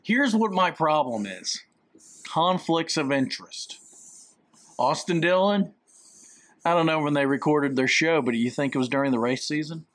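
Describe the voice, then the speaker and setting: Wisecracking Southern man, high voice. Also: lively intonation, moderate pace, fairly bright tone. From American South. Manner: teasing, jokey, wisecracking. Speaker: podcast co-host. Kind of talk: casual chat.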